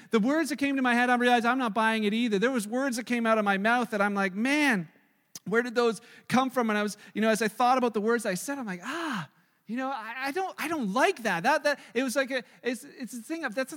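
High-voiced man preaching in a reverberant hall. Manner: storytelling, animated, acts out dialogue. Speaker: pastor. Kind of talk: sermon with personal stories. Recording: long reverb of a large hall.

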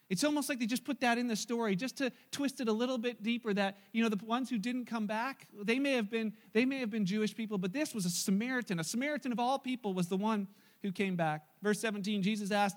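A male pastor preaching a sermon, telling stories in an animated way and acting out the voices. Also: high-pitched, fast talker. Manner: animated storytelling with acted-out voices.

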